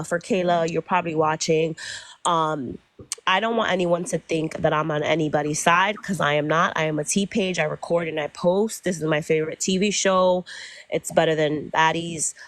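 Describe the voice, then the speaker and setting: A young woman hosting a live stream, calmly mediating in a measured, hedging way with many fillers. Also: low voice, no room sound.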